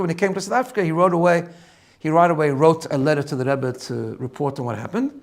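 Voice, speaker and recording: A rabbi tells a story at a quick clip, his voice sitting a bit above the usual for a man. He is animated and doubles back on his words as the tale builds. He sounds middle-aged. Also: on the high side. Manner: animated, repeats words when excited. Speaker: rabbi teaching personal growth. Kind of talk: storytelling talk.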